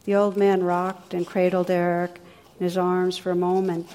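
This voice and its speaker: A woman from New Jersey, working as a meditation teacher, tells a story in a gentle, unhurried dharma talk with soft pauses. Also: on the low side, little pitch movement. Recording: long reverb of a hall.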